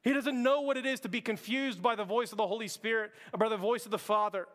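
A man with a high-pitched voice preaches in a conversational way, often restarting and filling with "like". The long reverb of a church hall trails every phrase. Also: fast, a bit bright. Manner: conversational preaching, many "like"s and restarts, acts out quotes. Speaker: pastor. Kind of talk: sermon.

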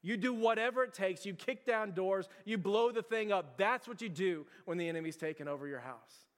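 A man's voice: sits high, brisk, in a large hall, close to an everyday voice. A man playing a fiery, impatient army general who scolds in urgent, raised bursts. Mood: forceful.

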